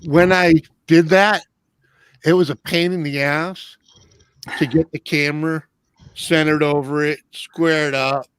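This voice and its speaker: Host, man, bit higher voice, easygoing cusser, dry close sound. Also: fairly even intonation, takes it slowly, a bit bright, smooth, no echo. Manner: loose, swearing, rambling. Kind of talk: casual chat.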